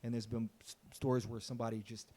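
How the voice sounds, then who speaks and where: A man's voice: mid-range voice, level tone, quick pace, mellow. A man telling his caddie stories in a laid-back, wry and direct way during a casual interview. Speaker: golf caddie and guest.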